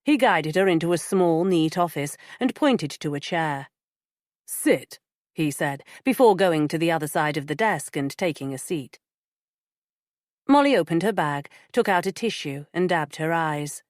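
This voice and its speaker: A deep-voiced woman delivers scripted audiobook narration in a steady, measured storytelling style. There's no room sound, and the studio audio is clean.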